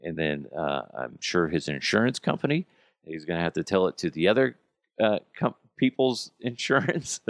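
Guy in his 30s rambling thru a podcast story, low gravelly voice, dry close sound. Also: expressive, moderate pace, a bit bright, dry recording. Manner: rambling, self-amused storytelling with laughs. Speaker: podcast host. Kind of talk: casual chat.

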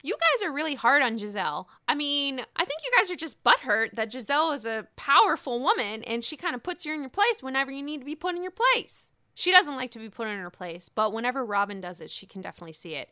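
A woman's voice: a little high, pushed and bright, clear, resonant tone, dry recording, studio quality. A woman giving casual, gossipy commentary on a reality show, laughing often and swearing freely. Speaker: reality TV recap vlogger.

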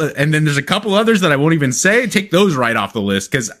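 Animated, joking male co-host. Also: a little high, quick pace. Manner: excitable, joking, stumbles and restarts. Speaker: podcast co-host. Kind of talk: casual chat.

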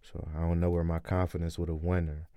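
A young man telling a story in a casual interview, excitedly acting out quotes. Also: sits low, quick pace, dry recording. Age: young adult. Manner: animated storyteller, acts out quotes loudly. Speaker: interview guest, college football player.

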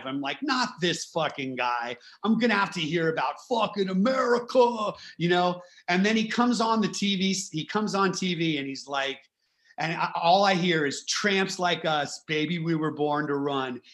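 Excitable, foul-mouthed male musician. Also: a little high. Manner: profane, excitable storytelling. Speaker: guest musician. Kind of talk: casual chat.

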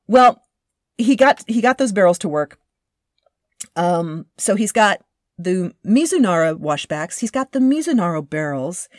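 A woman's voice: medium pitch, dry recording, clean studio sound. A woman host telling a story in a casual, enthusiastic way, often restarting and searching for words. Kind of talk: casual narration about a craft distiller.

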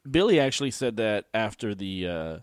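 A man with a low voice laying out his reasoning on a sports podcast. He speaks earnestly, pausing on ums and you-knows. The recording is close and dry. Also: sing-song, clean tone, dry recording. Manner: earnest, explaining, frequent ums. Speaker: podcast co-host. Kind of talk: casual sports chat.

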